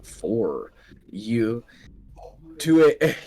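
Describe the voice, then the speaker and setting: A man with a lowish voice narrates a tabletop game as its game master, frequently halting with ums and restarting his sentences.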